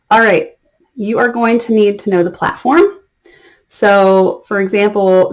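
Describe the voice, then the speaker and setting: A woman who teaches English online gives casual advice to other teachers in a friendly, chatty way. She stresses key words and often checks in with "okay?". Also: medium pitch. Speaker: online ESL teacher and mentor.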